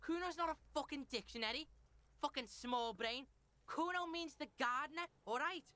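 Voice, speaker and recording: A woman's voice: sits high, moderate pace, bright, forceful tone, no room sound, voice pushed up. A woman voicing a crude, swaggering young boy who taunts and talks about himself in the third person. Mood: taunting.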